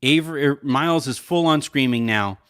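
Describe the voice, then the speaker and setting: A man's voice: medium pitch, a little fast, a bit bright, smooth. A man co-hosting a podcast, telling a long story in a loose, rambling way full of "like" and frequent laughs. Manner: rambling, lots of "like", laughs often. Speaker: podcast co-host. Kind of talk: casual chat, storytelling.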